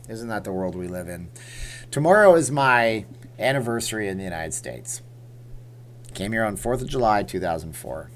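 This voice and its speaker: A man's voice: lowish voice, slight background noise. A man hosting a casual livestream from home, rambling and reading viewer comments aloud. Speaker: livestream host.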